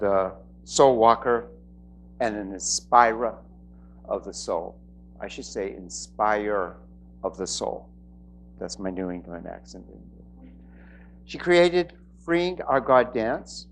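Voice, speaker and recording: A man's voice: fairly low pitch, a little hiss or hum. A man hosting a live event, introducing the next speaker in a casual, joking way and correcting himself. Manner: playful, joking, self-correcting. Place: indoor event hall before a live audience.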